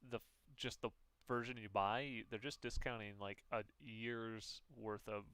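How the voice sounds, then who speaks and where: A man with a smooth, resonant voice recorded close and dry, chatting on a podcast. He thinks aloud with small restarts and easy back-and-forth. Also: lowish voice, steady tone, moderate pace, fairly bright tone, no echo. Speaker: podcast co-host. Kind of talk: casual chat.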